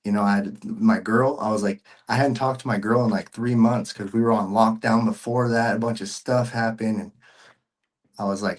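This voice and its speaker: A man's voice: fairly low pitch, steady tone, fairly quick. A man sharing a personal faith testimony as a podcast guest, earnest and emotional, with casual slang and frequent repeats.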